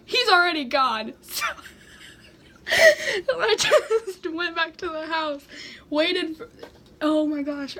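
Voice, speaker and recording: Giggly teen girl, high and bright. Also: slight background noise. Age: teens. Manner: laughing through her story, giggly. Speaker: vlogger. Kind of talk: casual storytelling.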